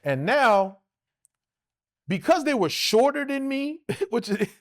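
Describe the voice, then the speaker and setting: A man's voice: extremely high pitch, slow. A man in his forties telling a rowdy, profane story as an interview guest, acting out what other people said. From United States. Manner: animated, profane, acts out other people's lines. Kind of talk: casual storytelling.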